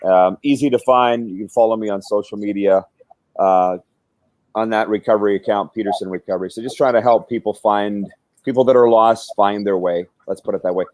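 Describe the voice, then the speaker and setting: A man, a recovery coach, talking in a relaxed, joking way over a remote call from an outdoor patio. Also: fairly low pitch, a little fast, no echo. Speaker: recovery coach and talk show host. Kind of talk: casual interview talk. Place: outdoor patio during a storm.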